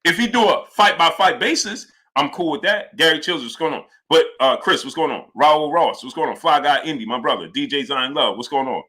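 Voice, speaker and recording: Animated man with a bright, forceful voice. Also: brisk, few pauses. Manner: animated, loud bursts when quoting, then low mumbled shout-outs. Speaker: live-stream sports show host. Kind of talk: casual live-stream commentary reading chat names.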